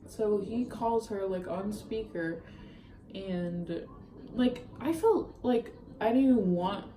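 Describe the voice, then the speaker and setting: A woman's voice: medium pitch, slow, mellow. Heated young woman telling a breakup story. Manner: heated, profane, filler-heavy retelling. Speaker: vlogger. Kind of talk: casual storytime. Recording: roomy echo, faint ambient noise.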